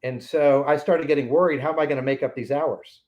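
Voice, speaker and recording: A man's voice: a little high, steady tone, brisk, muffled recording. A man in his sixties, a podcast guest, telling anecdotes in a casual interview and acting out the voices of the people in them.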